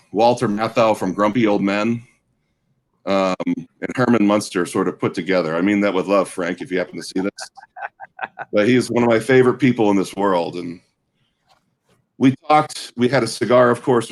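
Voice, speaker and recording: Low-voiced midwest guy in his 40s, rambling through a story, lots of restarts. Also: moderate pace, low-quality recording. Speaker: guest storyteller. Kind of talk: casual chat.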